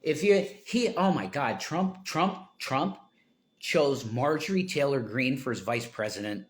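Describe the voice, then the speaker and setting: A man's voice: mid-range voice, expressive, moderate pace. A man chats to his livestream audience over a home streaming mic, wandering from one tangent to the next. His voice sits in a plain middle register, and he keeps breaking into sudden emphatic outbursts. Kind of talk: rambling livestream chat.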